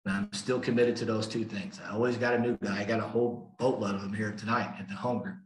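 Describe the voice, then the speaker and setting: Older man telling a recovery story, low and roomy. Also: fairly even intonation, quick pace, slight background noise. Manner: emphatic, repeats key lines for effect. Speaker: AA speaker. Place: meeting room. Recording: echoey room.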